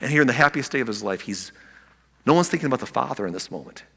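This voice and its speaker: Animated male preacher in a reverberant hall. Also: mid-range voice, very fast, vocal fry, slightly rough. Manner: animated, acts out quoted voices with big swings in loudness. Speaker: pastor. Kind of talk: sermon.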